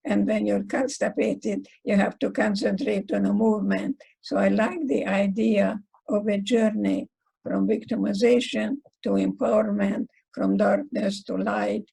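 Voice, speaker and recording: Older woman in her nineties, Hungarian native, psychologist speaker; raspy, gravelly, unhurried delivery. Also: mid-range voice, little pitch movement, dark tone, poor audio. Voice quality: gravelly, husky voice. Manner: slow, deliberate storytelling with aphorisms. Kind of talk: speaker series talk.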